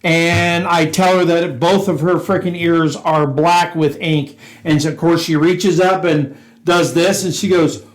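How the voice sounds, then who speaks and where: A man's voice: on the high side, steady tone, unhurried, rough recording. A man, a former police officer co-hosting a podcast, telling a story in casual chat, laughing often and acting out the quotes.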